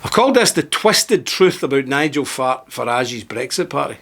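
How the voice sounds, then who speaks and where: On his own channel, a man who hosts political videos rails indignantly to camera, reading some of his heated monologue from a script. His voice is creaky, fairly bright and a bit breathy, moving at normal speed with big pitch swings and abrupt rises.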